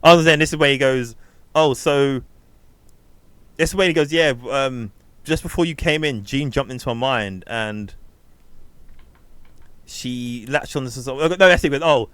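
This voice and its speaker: A man recaps a film in loose, rambling casual chat. He slips in quick acted-out bits of characters' lines as he goes. His voice sits at an ordinary middle pitch, and the recording is close and dry with no room sound. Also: a bit bright, smooth, no echo. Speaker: film review podcast co-host.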